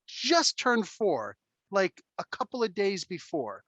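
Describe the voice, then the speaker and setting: A man hosting a casual podcast chat, telling stories in an animated, emphatic way and swearing freely. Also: high voice, takes it slowly, slightly rough, no echo, muffled recording. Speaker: podcast host.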